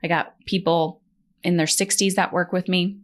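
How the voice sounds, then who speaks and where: A woman's voice: on the low side, fairly even intonation, normal speed. A middle-aged woman hosting her own podcast as a coach, talking bluntly with lots of emphatic repetition and casual swearing. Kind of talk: motivational solo podcast talk.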